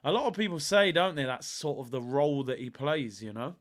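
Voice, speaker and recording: A man's voice: fairly high pitch, animated, brisk. A man hosting a live football watch-along stream, talking emphatically in casual chat, repeating lines for effect and answering viewers' comments.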